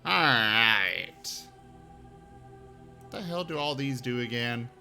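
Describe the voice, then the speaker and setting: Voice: mid-range voice, expressive, slow, pushed and bright, soft background music. A streamer chatting casually while making a character, with dry, teasing remarks. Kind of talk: casual game-stream chat.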